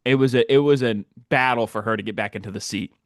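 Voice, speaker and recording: A man's voice: on the low side, fast talker, no echo, clean studio sound. A man hosting a podcast, telling stories in casual chat and acting out the people he quotes. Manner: animated storyteller acting out quotes. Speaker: podcast host.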